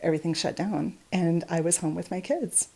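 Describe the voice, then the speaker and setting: A middle-aged woman chatting as a podcast guest, telling stories in an animated way, laughing often and swearing freely. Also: lowish voice, moderate pace, gravelly, husky. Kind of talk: casual podcast chat.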